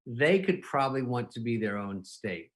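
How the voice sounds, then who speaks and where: A man interviewing a comedian in a casual comedic chat. He is animated and laughs often, breaking into acted quotes. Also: mid-range voice, moderate pace.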